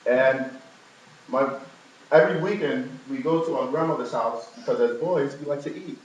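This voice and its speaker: Casting: young man from new york, storytelling testimony, heard from far off in a very echoey hall. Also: normal speed. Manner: storytelling, humorous asides, animated rises in pitch. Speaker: speaker giving a testimony. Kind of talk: personal testimony to a live audience.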